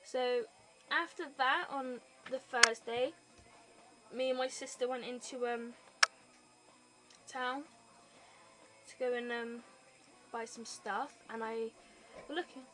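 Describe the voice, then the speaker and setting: A woman's voice: fairly high pitch, steady tone, slow pace, pauses often. A young British woman, pregnant, chatting casually in a home vlog, telling stories and acting out the people in them. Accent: British English. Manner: chatty storytelling, acts out quoted people. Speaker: vlogger. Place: bedroom floor at home. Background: gerbils rattling.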